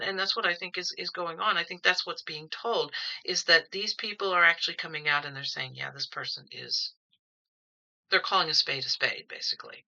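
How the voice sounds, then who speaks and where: A woman's voice: sits low, sharp tone, highs cut off. A woman giving a casual tarot reading at home, rambling and opinionated, often repeating words as she thinks. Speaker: tarot reader.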